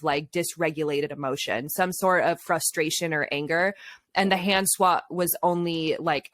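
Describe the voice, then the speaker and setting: A woman's voice: fairly low pitch, fairly bright tone, no room sound. A woman guest on a podcast, a mother of young children, talking frankly in casual chat, swearing freely and laughing often.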